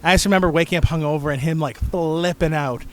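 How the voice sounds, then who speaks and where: A man's voice: fairly high pitch, fairly even intonation, fast. A man co-hosting a casual podcast, rambling through a story and acting out what people said. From Canada. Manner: rambling storyteller, acts out quotes loudly. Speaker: podcast co-host. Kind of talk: casual chat.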